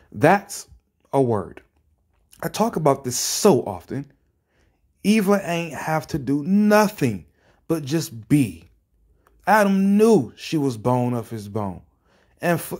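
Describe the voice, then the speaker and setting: A man with a husky, slightly raised voice tears into viewer comments. His talk is exasperated and sarcastic, and he swears freely as his rhetorical questions pile up. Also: fairly high pitch, a little mellow. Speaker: commentary streamer. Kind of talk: reacting to comments.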